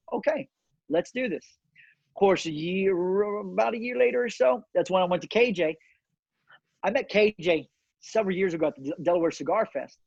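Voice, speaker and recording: A man's voice: a little high, a little mellow, no echo. Earnest man telling his story, dull audio. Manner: earnest storytelling with many fillers and restarts. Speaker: cigar company owner, guest. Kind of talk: casual interview chat.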